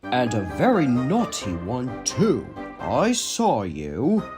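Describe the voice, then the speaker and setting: A man voicing a stern, stout male railway boss who speaks in a measured way. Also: medium pitch, huge pitch swings, music in the background.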